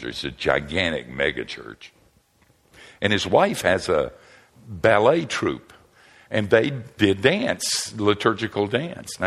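An older man, a pastor and seminary teacher, telling humorous stories in a lively, self-mocking way and chuckling often. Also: deep voice, vocal fry. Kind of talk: humorous storytelling talk.

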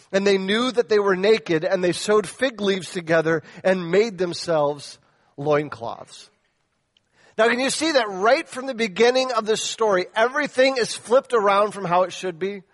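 A man preaching a sermon with emphatic rhetorical questions, his voice swinging high and low. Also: fairly bright tone, big-room sound. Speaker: pastor.

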